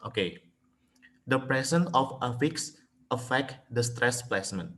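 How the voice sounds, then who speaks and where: A young man with an Indonesian accent giving a student class presentation, halting and restarting mid-word. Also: mid-range voice, animated, fairly bright tone. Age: young adult.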